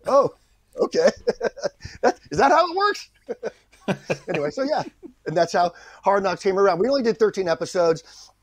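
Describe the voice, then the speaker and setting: A middle-aged actor, appearing as a guest, tells a story in a high-pitched voice and performs the voices of its characters with animation. No room sound can be heard.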